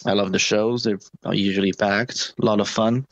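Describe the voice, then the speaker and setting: Low-voiced man, halting interview answers. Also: steady tone, fairly bright tone, no room sound, rough recording. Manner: halting, many restarts and fillers. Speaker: touring musician, interview guest.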